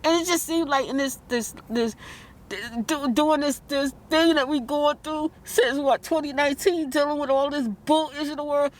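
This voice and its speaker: A high-voiced woman talks straight to her viewers in an upset, rambling vlog. She circles back over the same points and breaks into bursts of disbelief. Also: fairly even intonation, moderate pace. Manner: upset, rambling, repeats herself; outbursts of disbelief. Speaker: vlogger. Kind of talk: emotional vlog rant.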